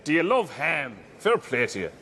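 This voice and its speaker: A man's voice: fairly high pitch, very animated, normal speed, sharp tone, exaggerated voice. A man playing a fawning, showy pageant compere in a comedy TV clip. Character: gushing male pageant compere. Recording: TV clip with cheering crowd and music.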